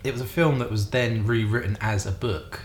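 A man's voice: on the low side, fairly quick. Laid-back Scottish man, echoey room. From Scotland. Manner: laid-back, chuckling, trails off mid-sentence. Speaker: podcast co-host. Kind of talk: casual chat. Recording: roomy echo, faint ambient noise.

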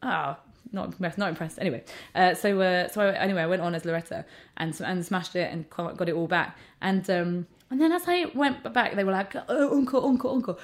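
A woman comedian, chatting casually in an interview and acting out the people in her stories. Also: fairly low pitch. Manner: animated storyteller, quick to act out quotes. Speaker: stand-up comedian and character act.

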